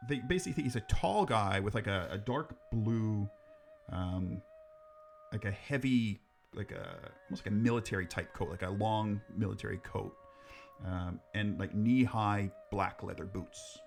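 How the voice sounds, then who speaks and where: Give me a low-pitched man chatting loosely about ghosts, jokey and animated. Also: normal speed, creaky, faint music behind. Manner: rambling, jokey, swears, laughs at his own jokes. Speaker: podcast co-host. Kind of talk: casual chat, telling ghost stories.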